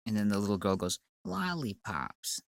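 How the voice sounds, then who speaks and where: A man's voice: on the low side, a little slow, fairly bright tone, no echo. A man with a sinus cold delivering a profane, rambling, stammering rant at a commenter on his channel. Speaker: channel owner. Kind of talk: ranting monologue.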